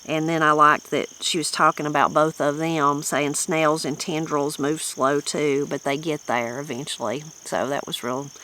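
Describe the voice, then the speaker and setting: A woman's voice: low-pitched, steady tone, moderate pace, few pauses, pushed and bright, slight background noise, poor audio. A woman with a Southern Appalachian accent, a channel host chatting about a book in a folksy, rambling, reflective way. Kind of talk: casual book-discussion chat.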